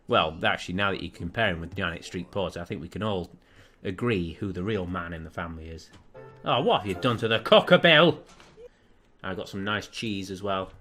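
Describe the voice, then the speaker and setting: A man's voice: low-pitched, fairly bright tone. A man commenting on a video game he is playing, sarcastic and prone to laughing and swearing. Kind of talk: let's play commentary.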